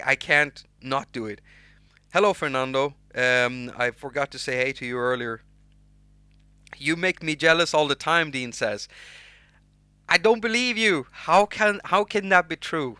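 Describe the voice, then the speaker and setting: A man's voice: on the high side, bright, forceful tone, clear, resonant tone, no echo. A young Swedish man with a Swedish accent, hosting an unscripted livestream and talking loosely with restarts while reading chat. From Sweden. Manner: rambling, restarts words, reads chat names aloud. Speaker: livestream host and music producer.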